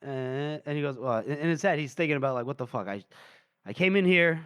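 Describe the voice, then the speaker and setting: A man's voice: fairly high pitch, expressive, a little fast, fairly bright tone, smooth, no room sound, studio quality. A man co-hosting a casual book podcast, acting out characters' lines with lots of laughter. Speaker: podcast co-host. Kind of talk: casual book-discussion chat.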